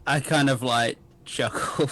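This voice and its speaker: A man's voice: mid-range voice, steady tone, measured pace, fairly bright tone. A man playing a tabletop role-playing game, casually describing his character's actions and laughing often. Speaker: player.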